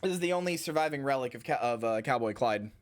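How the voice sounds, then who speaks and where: A woman streamer telling a story in casual stream chat, animated and rambling, and swearing casually. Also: a bass voice, quick pace.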